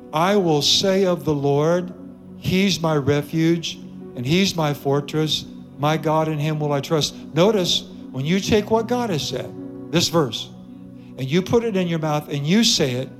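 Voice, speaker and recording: A pastor delivers a lively sermon in a fairly high voice. He preaches with emphasis, doubling back on his key lines and teasing his listeners. Soft music sits faintly under him. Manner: emphatic, repeats key phrases, jokes with the congregation. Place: church sanctuary with congregation.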